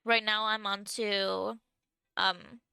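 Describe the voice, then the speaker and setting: A woman's voice: mid-range voice, little pitch movement, slow pace, creaky, bright, forceful tone, clean tone, no echo. A young woman streamer chatting casually with viewers while she eats, filling her talk with "like". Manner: chatty, lots of "like", talking while eating. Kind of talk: casual livestream chat.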